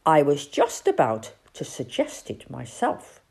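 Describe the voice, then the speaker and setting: A woman voicing a blustering male bird captain who speaks in a shrill, excitable way, in a storybook reading. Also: unhurried, creaky, husky, heavily acted.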